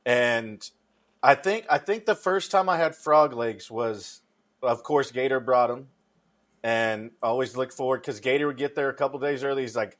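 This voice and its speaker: A man's voice: mid-range voice, normal speed, a bit bright. A male co-host from Nebraska with a mid-range voice. He rambles through his memories with plenty of enthusiasm and a lot of "like.". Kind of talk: casual sports talk.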